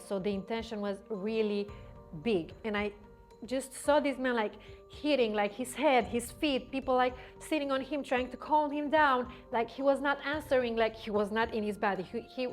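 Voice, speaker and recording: A woman vlogger casually retelling a personal story to the camera, rambling with many fillers and restarts. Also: fairly high pitch.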